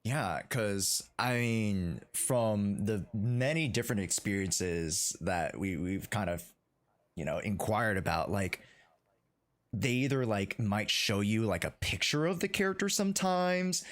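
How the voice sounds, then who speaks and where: Easygoing low-voiced male interviewer. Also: expressive, measured pace. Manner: easygoing, frequent backchannels and fillers. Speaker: interview host. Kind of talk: casual interview.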